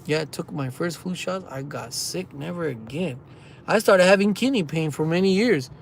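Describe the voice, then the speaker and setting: A man with a high voice rants heatedly while he walks outdoors at night. He speaks into a phone and reads viewer comments aloud as he goes. Faint traffic hum sits underneath. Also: expressive, moderate pace, vocal fry. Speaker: vlogger. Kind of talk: rambling walking vlog.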